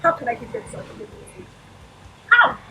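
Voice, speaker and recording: In this Nollywood film scene, an actress with a Nigerian accent plays a distraught young woman who has lost her memory. Her voice is brisk and close to an everyday one, heard over a noisy background, as she turns frantic and accusing, often shouting.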